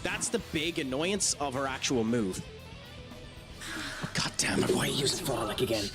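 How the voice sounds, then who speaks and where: Over game music, an Irish man streams his gameplay and chats with his audience, often laughing and swearing at what happens. He speaks at a normal pace in a lively, mid-range voice.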